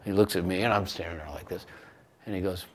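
In an interview, a middle-aged composer fast-talks through a self-mocking story from his youth. His voice sits low with a steady tone.

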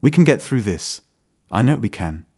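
A man's voice: mid-range voice, big pitch swings, normal speed, darkish tone, breathy edge, pitched above the performer's own voice. A man reading a sobbing young wife's lines in a choked, pleading tone.

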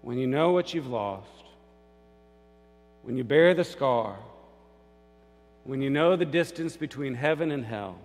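A man's voice: medium pitch, lively intonation, a little slow, long pauses. A male pastor giving a sermon in a church, telling the story dramatically and acting out the voices. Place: church sanctuary. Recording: long church reverb, faint music.

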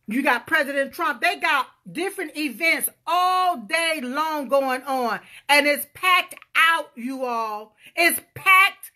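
A woman giving a loud, emphatic political rant to her viewers, calling out to them often. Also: high-pitched. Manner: loud, emphatic, calls out to viewers, punctuates with "huh?". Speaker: political vlogger.

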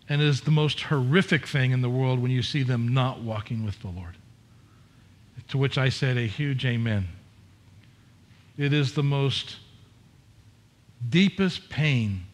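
A middle-aged man preaching a sermon as pastor, candid and conversational, with frequent restarts and repetitions. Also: mid-range voice.

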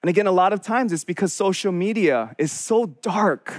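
A young man delivering a sermon as a college pastor, speaking earnestly in a loose, conversational way. His voice sits fairly high, and the recording is close and dry, with no room sound around him. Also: animated, normal speed, no room sound. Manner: earnest, conversational preaching with restarts.

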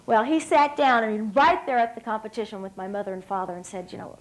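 A high-pitched woman in her thirties, from West Virginia, speaks from a dinner stage. She tells her story in a bright, energetic way, often laughs, and turns straight to the audience. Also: fast talker, few pauses, low-quality recording. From West Virginia, USA. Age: 30s. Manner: lively storyteller, often laughing, addressing the crowd directly. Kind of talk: motivational speech to an audience. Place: stage at an evening dinner event.

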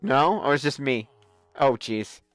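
A man hosting a live stream, chatting excitedly and laughing as he plays a game. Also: medium pitch, unhurried, no echo. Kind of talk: casual gameplay commentary.

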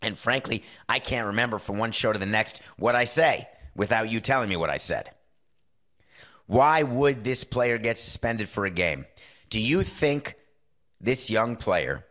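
A man's voice: lowish voice, a bit bright. Opinionated middle-aged male sports podcaster. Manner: opinionated, acts out dialogue in quick asides. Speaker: podcast host. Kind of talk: casual sports talk monologue.

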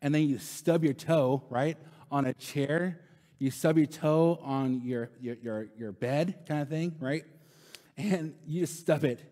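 Youth pastor guy preaching, kinda high voice, lots of "right? okay?", big church reverb. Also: a little slow, mellow. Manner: conversational preacher, tag questions, repeats lines for emphasis. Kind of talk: sermon. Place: church sanctuary.

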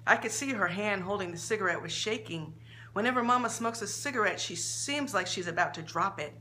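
Woman author reading her short story, bright voice, faint hiss in the background. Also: medium pitch, animated, brisk.

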